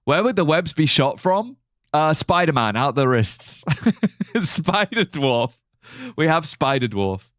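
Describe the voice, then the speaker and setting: A man's voice: fairly high pitch, sing-song, slow, a bit bright, dry recording, studio quality. A young man streaming a game live, chatting loosely, swearing casually and laughing at his own ideas. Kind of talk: live gameplay commentary.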